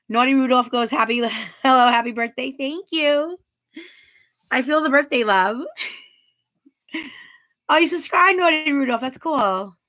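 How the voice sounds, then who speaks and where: Giggly woman streamer chatting w her viewers, kinda high, really bright tone. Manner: chatty and giggly, laughs often. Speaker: livestream host. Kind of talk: casual chat reading viewer comments aloud.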